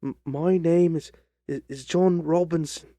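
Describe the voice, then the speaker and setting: Brief: stammering, pleading small clerk, gravelly and dark-toned, dry close read, played by a man. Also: on the high side, lively intonation, takes it slowly, no room sound, full character voice. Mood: eager. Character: nervous, frightened little male hotel attendant. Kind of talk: audiobook reading of a detective story.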